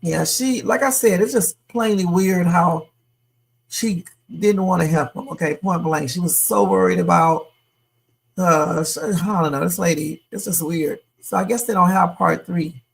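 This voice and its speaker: A woman's voice: on the low side, unhurried, gravelly, husky. A woman hosting a live stream, chatting casually and thinking aloud as she replays clips.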